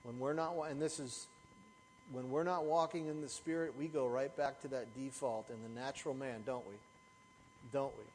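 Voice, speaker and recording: A man's voice: medium pitch, steady tone, normal speed, a little mellow, big-room sound, a little hiss or hum, rough recording. A middle-aged male pastor preaching a sermon, telling stories with animation and asking the congregation rhetorical questions.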